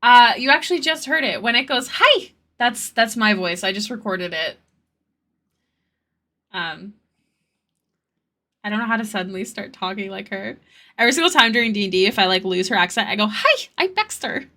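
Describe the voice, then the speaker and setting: A woman's voice: medium pitch, a little fast, pauses often, sharp tone. A woman chatting casually on her art live stream, thanking viewers and answering chat, with an occasional stutter. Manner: stutters at times.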